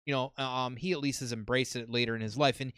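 A man's voice: medium pitch, fairly even intonation, fast talker, a bit bright, clear, resonant tone, no echo, studio quality. A man co-hosting a casual podcast chat, a chatty storyteller who laughs often. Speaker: podcast co-host.

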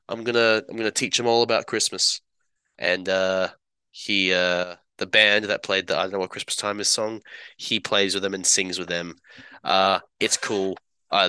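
A man with a lowish but bright, forceful voice talks through a show in an enthusiastic, rambling way. His delivery is crisp and clear. The recording is close and dry, with no room sound. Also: no room sound. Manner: enthusiastic, rambling, acts out quoted lines. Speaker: show reviewer. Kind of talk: casual recap chat.

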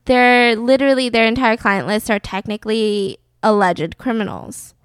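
A woman's voice: a little high, normal speed, clear, resonant tone, no room sound. A young woman co-hosting a podcast, telling a true-crime story in a chatty way, full of "like". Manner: chatty, filler-heavy with "like". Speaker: podcast co-host.

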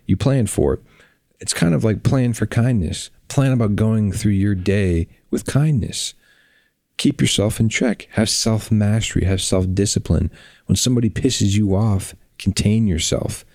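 A man hosting a reflective podcast, talking bluntly and earnestly with drawn-out pauses, on a close microphone. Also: low-pitched, a little mellow, no room sound. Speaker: podcast host.

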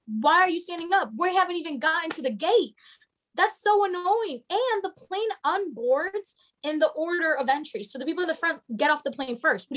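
A young woman with a high, bright-sitting voice tells a story in a loose, chatty way. She is animated and sassy, swearing freely as she goes. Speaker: storyteller guest. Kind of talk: casual storytelling chat.

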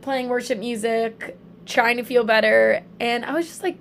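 A young woman telling a story in a casual faith chat, animated and full of fillers. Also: fairly high pitch, normal speed, vocal fry, slight background noise.

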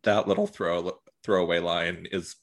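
A man co-hosting a podcast, talking through a film review in a measured way and often repeating words as he thinks. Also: low voice, fairly even intonation, fairly bright tone. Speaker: podcast co-host. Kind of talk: casual film review chat.

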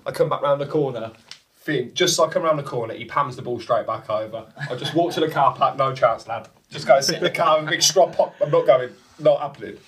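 A man on a football podcast, swearing freely and telling a lively story in casual chat. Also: mid-range voice, quick pace, distant mic, crowd noise. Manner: swears a lot, animated anecdotes. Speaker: podcast co-host.

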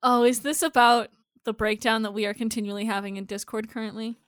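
A woman's voice: a little high, steady tone, a little fast, fairly bright tone, clean tone. A woman co-hosting a casual podcast chat, chiming in with short agreeing remarks, laughs and swearing. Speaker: podcast co-host.

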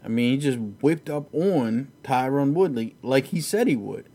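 A man's voice: mid-range voice, expressive, moderate pace, mellow. A man hosting a casual, profane chat about fights, rambling and laughing easily. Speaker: podcast host.

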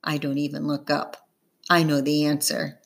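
A woman reading a novel aloud in first person, giving gentle voices to the characters. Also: deep voice, level tone, normal speed, vocal fry. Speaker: audiobook reader. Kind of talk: first-person audiobook narration.

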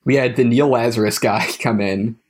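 A young man on a podcast tells a story in casual conversation, hesitant and often restarting or letting phrases trail off. His voice is medium-pitched and slightly mellow, with fairly even intonation and a moderate pace.

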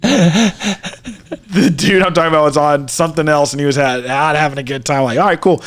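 Male storyteller, a bit high-pitched, casual and animated, breaks into shouts. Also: fast talker, clean tone. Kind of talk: casual podcast chat.

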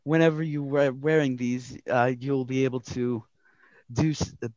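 A man's voice: mid-range voice, fairly even intonation, moderate pace, a little mellow, no echo, close to an everyday voice. Brief: friendly item shopkeeper, unsure, dry muffled mic, voiced by a man. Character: male shopkeeper who identifies items.

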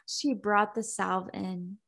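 A young woman with a bright, forceful voice hosts a casual book-recap podcast. She talks in an animated, profane rush, laughs often and slips into little acted-out voices for the characters. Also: medium pitch, slow pace, vocal fry. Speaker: podcast host.

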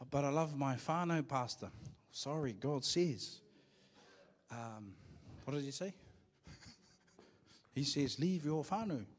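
A middle-aged pastor with a New Zealand accent preaches in a church, joking and calling out to the congregation in playful call-and-response. His voice is a little high and a little mellow, with a breathy edge.

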